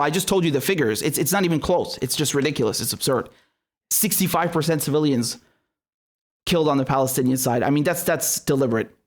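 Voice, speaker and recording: A man with a somewhat high-pitched voice delivers a political commentary monologue. He sounds heated and indignant, swears freely and keeps stumbling over restarts as he presses his point.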